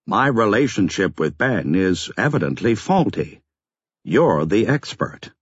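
A man voicing a calm, earnest and stiffly formal man in an audiobook, measured and precise, on a slightly dull lo-fi recording. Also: fairly low pitch, husky, no echo, heavily acted. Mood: exasperated. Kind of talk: audiobook character voice.

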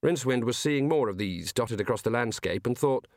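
A man's voice: mid-range voice, lively intonation, fairly quick, no room sound, clean studio sound. Man narrating a comic audiobook. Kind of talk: scripted narration.

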